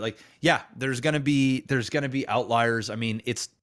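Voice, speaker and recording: A man's voice: mid-range voice, moderate pace, few pauses, a bit bright. A man in a casual podcast chat, stammering and restarting but blunt and profane. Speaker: podcast co-host.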